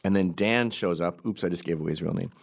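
A middle-aged man from Canada telling an animated story, jumping into high put-on voices and laughing mid-sentence. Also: fast, vocal fry. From Canada, raised in Quebec. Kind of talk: storytelling monologue.

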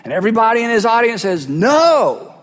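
In a church sanctuary, a pastor preaches a sermon through a cheek microphone, emphatically repeating phrases for effect. His voice sits high and sounds animated at a normal speed, and the recording carries a long hall reverb.

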